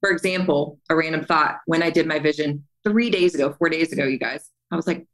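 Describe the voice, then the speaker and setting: A woman's voice: low voice, a little fast, hardly any pauses, low-quality recording. A middle-aged woman on a podcast, earnestly telling her story and acting out the voices in it. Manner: earnest and animated, acts out quotes. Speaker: podcast guest. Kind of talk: candid storytelling conversation.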